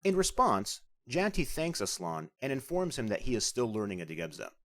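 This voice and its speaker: A man narrating a scripted language lesson as the instructor, explaining clearly and patiently. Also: mid-range voice, very animated, a little fast, a bit bright.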